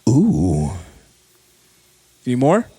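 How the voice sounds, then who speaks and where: A man co-hosting a wine podcast in casual, joking chat. His voice sits at a middle pitch for a man. He rambles, filling gaps with "like" and "um.". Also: huge pitch swings, drawn-out words, warm tone, slightly rough, dry recording. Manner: joking, rambling, lots of fillers. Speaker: podcast co-host.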